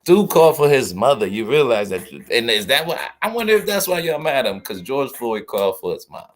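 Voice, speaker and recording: A man hosting a casual livestream, talking in an animated, slangy way and speaking straight to his chat. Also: mid-range voice, fairly quick. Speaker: livestream host.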